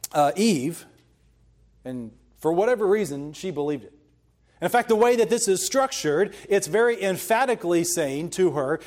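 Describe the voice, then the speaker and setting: A man's voice: high voice, darkish tone. A man preaching a sermon, reading scripture aloud and then explaining it with earnest emphasis. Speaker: pastor.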